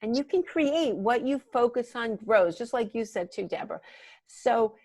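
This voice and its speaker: Gushing high-voiced woman guest, dry sound. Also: expressive, darkish tone, dry recording. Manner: gushing, halting with restarts. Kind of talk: casual chat.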